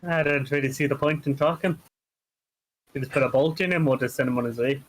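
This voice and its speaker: A man's voice: medium pitch, fairly quick, rough recording. A man running a tabletop game as game master, with a laid-back, wry way of talking. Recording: background noise and clicks.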